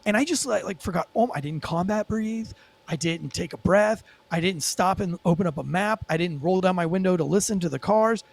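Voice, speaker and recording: Man, high voice, podcast guest, animated storytelling, profane, lots of fillers. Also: brisk, vocal fry. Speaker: former police officer and podcast guest. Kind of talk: storytelling in a casual podcast interview.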